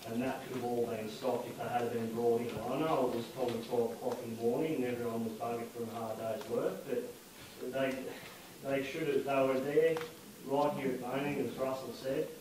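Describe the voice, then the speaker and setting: A man, a local resident, explaining his view earnestly and a little haltingly at a community meeting. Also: medium pitch, fairly even intonation, crowd noise. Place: community hall. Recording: very echoey hall from a distance, clear background noise.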